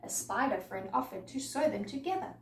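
A woman's voice: fairly high pitch, fairly quick. Woman storyteller, sing-song rhyming read-aloud, roomy sound, mic far off. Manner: lively, sing-song rhythm. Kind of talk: reading a rhyming picture book aloud. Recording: echoey room, mic far off, faint noise.

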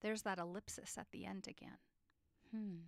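A woman teaching a lesson on poetry structure, explaining clearly and reading poems aloud with feeling. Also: mid-range voice, fairly even intonation, normal speed, no room sound, studio quality.

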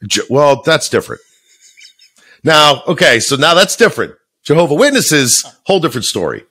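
A man's voice: a little high, very animated, normal speed, pushed and bright, breathy edge. A man, a voice actor co-hosting a podcast, chatting casually, bluntly and jokingly, swearing freely.

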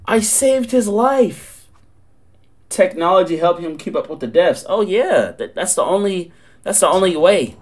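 A young man giving excitable, slangy live commentary on a game, with loud outbursts. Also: sits high, a little slow. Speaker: gaming creator.

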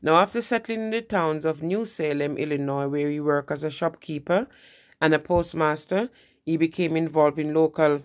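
A woman's voice: low voice, a little mellow. A woman giving an informal history lesson in a conversational way, often restarting phrases. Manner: conversational, with frequent restarts and "you know". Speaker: presenter.

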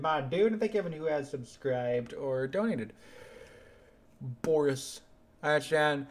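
Young male streamer, slightly high voice, excitable live gameplay chatter. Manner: excitable, bursts louder when things happen.

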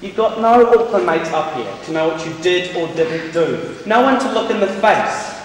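A young New Zealand man plays a hard-bitten officer snapping out curt, sardonic orders in a fairly high voice. He sounds distant, caught from the audience in a long, echoing hall with a faint hiss. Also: expressive, moderate pace. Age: young adult. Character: stern, embittered male army officer leading his men. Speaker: stage actor. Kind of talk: school stage play. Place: school theatre stage. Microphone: distant audience recorder.

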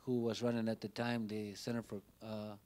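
A man from New Mexico speaking as a panelist at a forum, hesitant and halting, with many pauses. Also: fairly low pitch, level tone, warm tone. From South Valley of Albuquerque, New Mexico. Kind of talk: public talk at a forum.

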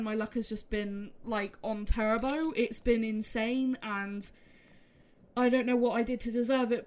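A woman gaming creator, emotional and rambling, speaking haltingly and repeating herself. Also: on the high side. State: emotional, close to tears. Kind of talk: emotional video outro.

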